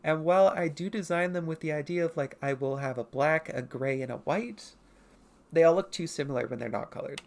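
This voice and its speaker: Low-voiced woman on a chill art stream. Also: a little fast, vocal fry, a little mellow. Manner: rambling, self-mocking. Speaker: comic artist streaming. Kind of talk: casual livestream chat.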